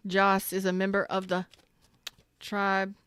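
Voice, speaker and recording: A woman's voice: medium pitch, monotone, takes it slowly, fairly bright tone, clear, resonant tone, dry recording. A woman doing a live tarot reading on a stream, chatty and slangy, greeting viewers by name and repeating herself. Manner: swears casually, slangy.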